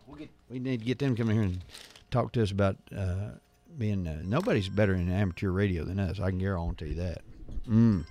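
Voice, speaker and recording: Male radio host, low voice, loose joking storyteller. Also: brisk, warm tone. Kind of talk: casual call-in radio chat. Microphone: studio microphone.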